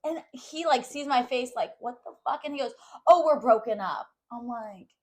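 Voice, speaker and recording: A woman's voice: on the high side, expressive, moderate pace, a little mellow. A young woman co-hosting a casual podcast, rambling through a story and acting out what everyone said. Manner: rambling storytelling full of "I'm like" quotes. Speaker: podcast co-host. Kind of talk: casual chat.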